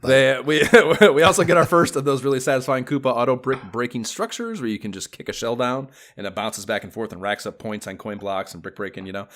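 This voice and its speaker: A man co-hosting a podcast, chatting casually about retro video games, excitable, swearing freely and laughing often. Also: medium pitch, brisk, hardly any pauses. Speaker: podcast co-host.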